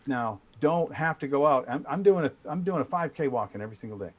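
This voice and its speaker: A middle-aged man telling a story as a guest in a casual chat, animated and full of restarts. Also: mid-range voice, quick pace. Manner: animated, trash-talking storyteller with many restarts. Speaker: guest speaker.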